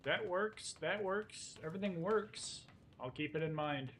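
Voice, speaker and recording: A man's voice: high voice, measured pace, a bit bright, slight background noise. A man streaming a video game, joking and talking to himself as he plays. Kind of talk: casual gameplay commentary. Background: game music.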